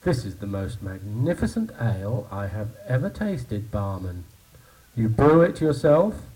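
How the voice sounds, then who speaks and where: A man's voice: fairly low pitch, big pitch swings, unhurried, darkish tone, recorded from a distance, poor audio. A man voicing an eager, hearty visitor to a village pub who talks in a jovial, coaxing way.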